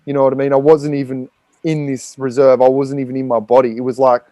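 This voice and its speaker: A man's voice: medium pitch, flat delivery, quick pace, warm tone, no echo. An Australian man, a podcast guest, telling a raw personal story with frequent swearing and rambling fillers.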